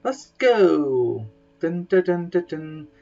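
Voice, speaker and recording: A woman reads a bedtime story aloud slowly and playfully, in simple broken English, with sound effects and high squeals for the characters. Her warm voice is sing-song and creaky. The lo-fi recording sounds dull, with faint guitar music behind her.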